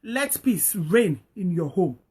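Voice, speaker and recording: Her voice sits on the low side, slightly rough and a little mellow, with big pitch swings and a slow pace. She gives an online audience casual, preachy marriage advice, earnestly repeating points and acting out couples' words.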